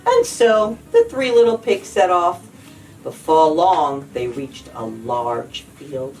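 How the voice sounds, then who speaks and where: A woman librarian reading a children's storybook aloud in an expressive, sing-song way. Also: low-pitched, slow pace, far from the mic, soft background music, poor audio.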